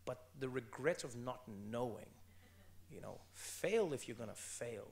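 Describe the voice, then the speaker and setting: Male guest, 30s, from South Africa: animated conversational storyteller who stumbles and restarts. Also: medium pitch, a little slow, gravelly. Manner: animated, repeats words when restarting, laughs while telling stories. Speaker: author and comedian guest.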